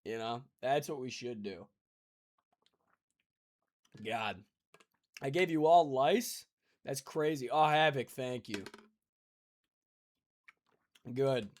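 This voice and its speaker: A man's voice: mid-range voice, slow, long pauses. A man streaming a game live, joking and rambling sleepily with his chat.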